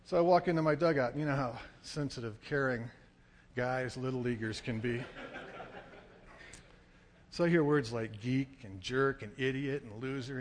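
A man telling a dramatic story to an audience, acting out shouts and crowd noise as he goes. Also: medium pitch, in a large hall.

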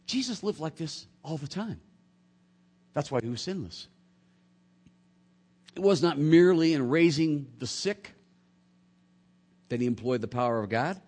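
A man preaching a sermon, swinging between quiet, low passages and loud, high bursts. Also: expressive, a little slow, pauses often.

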